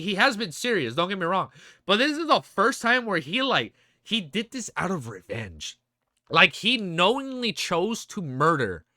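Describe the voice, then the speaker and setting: A man live-streaming his reactions, excitable and hyped, with casual slang and swearing. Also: high-pitched, no echo, studio quality. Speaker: streamer reacting to a web novel.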